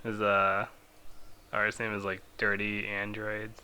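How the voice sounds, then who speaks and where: A man co-hosting a podcast with a lowish yet sharp, bright voice. He keeps it laid-back, tossing in short replies and quiet chuckles in loose conversation. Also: completely flat delivery, unhurried, a little hiss or hum. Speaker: podcast co-host. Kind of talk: casual chat.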